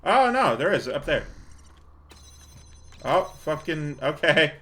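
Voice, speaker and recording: A man's voice: a little high, very animated, takes it slowly, pushed and bright. A man hosting a let's-play, chatting casually and thinking aloud as he plays, a little tired and out of breath. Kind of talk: casual gameplay commentary.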